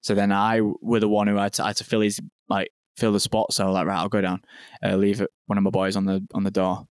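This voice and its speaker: A young man tells a story in quick, rambling podcast chat, full of "like" and swearing. His voice sits low and barely moves in pitch. The sound is dry and close. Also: completely flat delivery, clean tone, no echo. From England. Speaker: podcast guest, venue owner.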